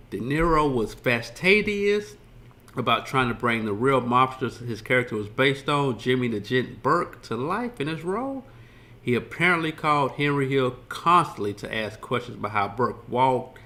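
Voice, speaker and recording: A man's voice: medium pitch, pushed and bright. A man streaming a casual reaction commentary, rambling loosely and swearing freely as he retells scenes.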